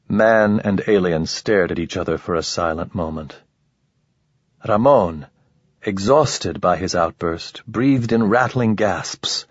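A man with a low, husky voice reads a story in measured, dramatic narration. The room is dead dry, and the sound is slightly dull and lo-fi. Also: no echo. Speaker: audiobook narrator. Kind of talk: scripted narration.

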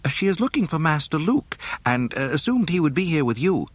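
A man voicing a prim, fussy male protocol robot in a high, precise voice. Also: sing-song, a little fast, slightly rough, no room sound.

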